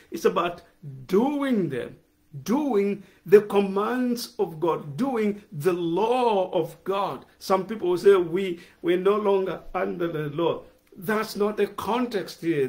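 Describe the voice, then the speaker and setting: A man's voice: sits high, darkish tone. A male pastor preaching a sermon, emphatic, repeating key phrases and putting questions to the listeners.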